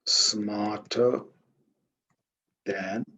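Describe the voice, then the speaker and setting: A man with an Indian English accent teaching a grammar lesson, speaking slowly and deliberately and stopping to quiz his students. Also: fairly low pitch, steady tone, bright, forceful tone, low-quality recording. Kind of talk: classroom grammar lecture.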